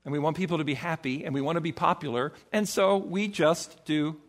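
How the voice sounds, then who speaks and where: A man preaching a sermon as pastor, emphatic, acting out quoted voices with sudden swings in pitch. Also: a little fast.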